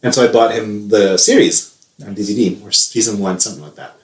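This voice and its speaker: A man in his thirties, co-hosting a podcast in relaxed, rambling chat that is full of laughs. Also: on the low side, fairly quick. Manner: chatty, rambling, laughs often. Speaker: podcast co-host. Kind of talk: casual chat. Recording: roomy echo.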